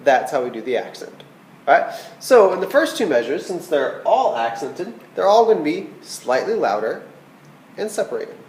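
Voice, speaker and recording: A man's voice: a little high, sing-song, moderate pace, darkish tone, roomy sound, slight background noise, low-quality recording. A man teaching a recorded flute lesson, patient and checking in with "okay?" as he explains. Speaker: band teacher.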